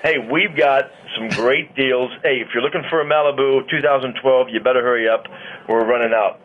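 A man's voice: mid-range voice, fairly even intonation, brisk, phone-quality sound. A man appearing as a guest on talk radio, a car dealer who chats jovially and hypes his deals. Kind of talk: casual chat and sales pitch.

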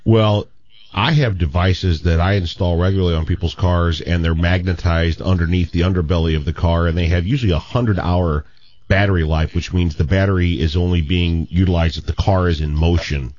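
Man, deep voice, matter-of-fact, dry, muffled radio sound. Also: fairly even intonation, a little fast, darkish tone, no room sound. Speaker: radio show regular, tracker installer. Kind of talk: casual radio chat.

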